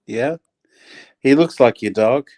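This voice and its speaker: A man's voice: mid-range voice, slow pace, darkish tone. A man joining a livestream by call, mostly giving short, agreeable replies and questions. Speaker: guest on a call. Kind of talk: casual call-in chat.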